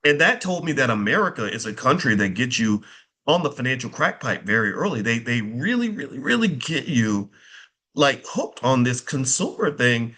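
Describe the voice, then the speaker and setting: A middle-aged man hosting a casual finance monologue, animated and preacherly, repeating phrases for emphasis. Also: medium pitch, moderate pace. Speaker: finance educator and show host.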